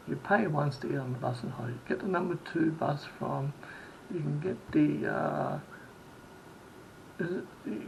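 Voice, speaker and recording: A man's voice: a little high, vocal fry, slight background noise, low-quality recording. A man from Sydney telling a rambling travel story in a casual vlog, full of restarts and quoted exchanges. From Australia. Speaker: vlogger.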